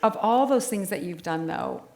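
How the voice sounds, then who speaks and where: A woman interviewing a guest in a relaxed onstage conversation, chatting casually and affirming her guest often. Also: mid-range voice, normal speed. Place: live talk event on stage.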